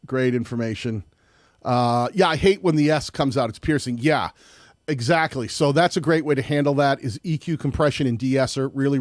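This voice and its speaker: A man's voice: mid-range voice, a little mellow, no echo, studio quality. A man hosting a live-streamed audio tutorial, talking casually and rambling a little, with a slight lisp on his S sounds. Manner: chatty, rambling with restarts. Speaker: host.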